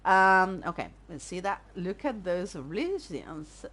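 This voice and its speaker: A woman's voice: on the low side, very animated, a little slow, fairly bright tone, a little hiss or hum. A woman streaming a video game, chatting casually and thinking aloud as she plays. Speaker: let's-play streamer. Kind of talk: casual gameplay commentary.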